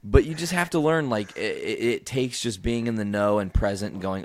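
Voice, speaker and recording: Low-voiced guy host handing out podcast advice, swears a lot, dry room. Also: animated, a little fast, few pauses, no echo. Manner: swears freely, gives advice with confidence. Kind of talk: casual chat.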